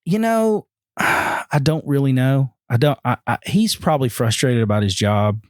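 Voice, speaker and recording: A man tells a story in a casual podcast chat and acts out each person he quotes. His pitch swings widely as he talks. The close mic sounds dry, with no room around it. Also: a little slow, no room sound. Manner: animated, acts out quoted voices with big pitch jumps. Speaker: podcast guest.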